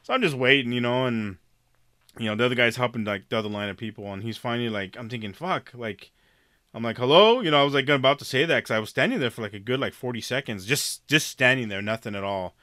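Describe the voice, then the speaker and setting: A man's voice: medium pitch, quick pace, bright, forceful tone, no echo, studio quality. A man on a podcast telling a story in a casual chat, profane and laughing often. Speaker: podcast co-host.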